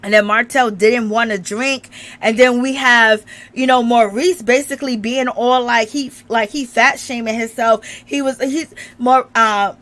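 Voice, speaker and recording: Still getting over an illness, this woman's strained voice is fairly high, bright and steady as she talks through a reality show with her viewers at a measured pace. She's a recap vlogger who laughs frequently during the casual chat.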